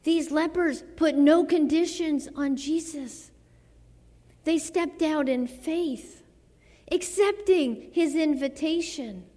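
A woman with a high voice preaches a sermon in a slow, deliberate rhythm. Her delivery is dramatic, sinking to hushed phrases and then lifting into fervent calls. The sound carries a long reverb from a large hall. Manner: slow, dramatic delivery with soft drops and rising exclamations.

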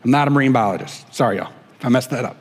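A man preaching a sermon in a relaxed, conversational way with folksy asides. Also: mid-range voice, rapid-fire, big-room sound. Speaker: pastor.

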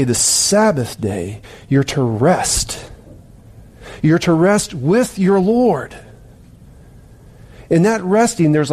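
A man's voice: a little high, mellow. A middle-aged man preaching as a pastor, telling a dream in a rambling, emphatic way with many restarts. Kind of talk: sermon with dream story.

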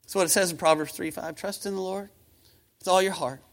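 A man's voice: sits high, fairly even intonation, a little fast. A man preaching a sermon as pastor, speaking with rising emphasis and calling on the congregation to respond. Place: church.

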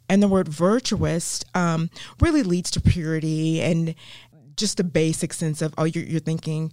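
A woman with a Southern US accent, a guest teaching the Bible in an interview, earnest and animated with many ums and restarts. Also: low voice, normal speed, no echo, clean studio sound. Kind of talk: faith podcast interview.

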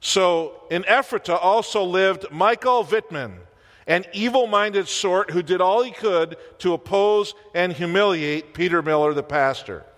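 A man's voice: high-pitched, measured pace, fairly bright tone, long reverb tail. A man preaching a sermon as pastor in a church, conversational, with wry asides and rhetorical questions.

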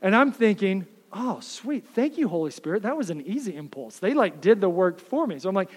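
A man in his thirties, a pastor preaching a sermon, swinging from fired-up passion to quiet, close asides. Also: high-pitched, big pitch swings, brisk, few pauses, breathy edge, big-room sound. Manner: impassioned, builds up then drops to soft asides.

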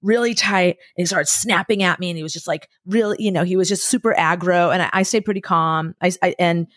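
Low-voiced woman, animated storyteller. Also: a little fast, no echo, clean studio sound. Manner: animated, swears casually, acts out quotes. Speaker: podcast guest. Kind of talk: candid conversational storytelling.

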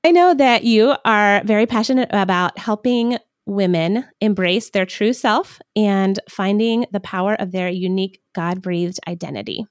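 A woman's voice: mid-range voice, normal speed, hardly any pauses, clear, resonant tone, no echo, studio quality. Sincere woman podcast host. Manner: sincere, reflective. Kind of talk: Christian podcast conversation.

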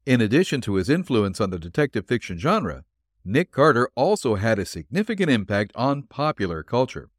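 A man narrating an old detective story aloud in a measured, expressive way. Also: medium pitch, dry recording, studio quality. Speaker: narrator and reader. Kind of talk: audiobook narration.

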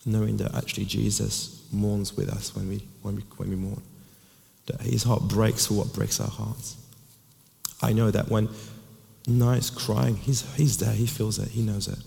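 A man's voice: on the low side, level tone, a little slow, gravelly, mellow, in a large hall. A man in his thirties preaching a sermon, telling a personal story earnestly and often restarting his words.

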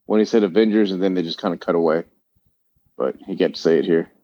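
A man co-hosting a casual podcast about a movie, relaxed and correcting himself as he goes. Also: low-pitched, quick pace, no echo. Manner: relaxed, second-guesses himself mid-thought. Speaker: podcast co-host. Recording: dull lo-fi sound.

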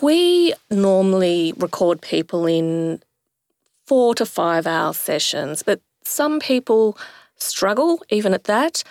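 A woman's voice: mid-range voice, sing-song, slow pace, darkish tone, dry recording, clean studio sound. A woman hosting an interview, asking curious questions and sharing stories from recording narrators in the booth. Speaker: host and audiobook producer. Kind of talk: conversational interview.

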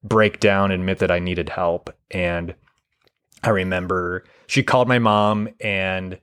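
A young man speaking as an interview guest, telling his own story in a candid, reflective way. He often restarts his sentences. His voice sits fairly low. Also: fairly even intonation, a little slow, a bit bright, clear, resonant tone. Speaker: guest, therapist. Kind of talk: personal story in a podcast interview.

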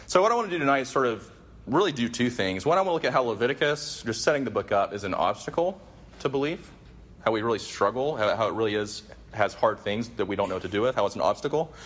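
A man's voice: mid-range voice, lively intonation, fast talker, fairly bright tone. A man giving a conversational sermon and a prayer to a gathering in a room, earnest and casual, with many fillers and restarts.

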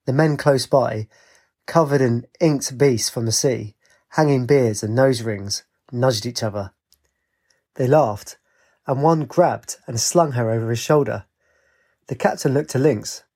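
Speaking a little slowly with a medium-pitched voice, a man gives a lively audiobook reading. He shifts his voice to play the characters in the dialogue.

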